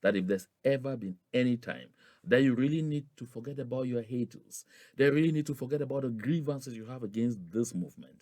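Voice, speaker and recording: A man's voice: mid-range voice, a little fast, mellow, dry recording, studio quality. A man from gives a rallying political address to his followers, with emphatic, repetitive oratory that climbs on stressed phrases. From Southern Cameroons (Anglophone Cameroon).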